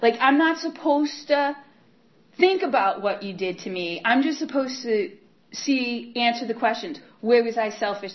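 A woman giving a candid personal testimony about her recovery, talking in a halting way with many repeats and fillers. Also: a little high. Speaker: speaker sharing her recovery story. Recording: dull lo-fi recording.

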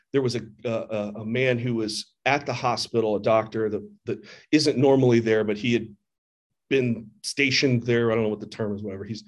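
A middle-aged man giving an earnest, candid recovery testimony from a church podium microphone, often restarting his sentences. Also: medium pitch. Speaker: speaker sharing at a recovery meeting. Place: church meeting hall.

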